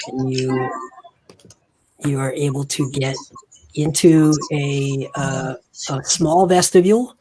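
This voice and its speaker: Slow, hesitant game master narrating. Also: medium pitch, a little mellow, slight background noise. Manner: hesitant, many fillers, slow and searching.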